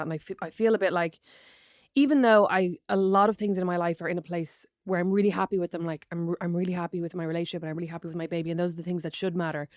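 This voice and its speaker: Quick Irish woman, dry close sound. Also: fairly low pitch, a little mellow, no echo. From Ireland. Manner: chatty, reflective, finishes the other's sentences. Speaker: podcast co-host. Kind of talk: casual chat.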